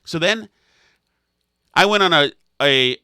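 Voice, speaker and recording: A man's voice: fairly high pitch, expressive, takes it slowly, pushed and bright, clean tone, no echo, clean studio sound. A man co-hosting a comedy podcast, telling long self-mocking anecdotes in a rambling way. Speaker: podcast co-host. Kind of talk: comedic storytelling chat.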